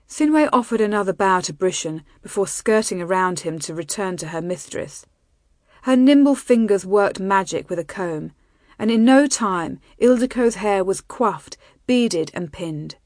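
A woman reading a romance novel aloud in a soft, intimate, measured way. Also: mid-range voice, dry recording, clean studio sound. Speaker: audiobook narrator. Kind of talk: scripted romance narration.

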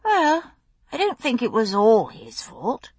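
A woman reading an audiobook, voicing a quick, sarcastic young woman in a lighter, brisker tone. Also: on the high side, wildly swooping pitch, husky, dry recording, pitched above the performer's own voice, heavily acted. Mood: drowsy, wry. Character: young woman, quick, sardonic, worried lover.

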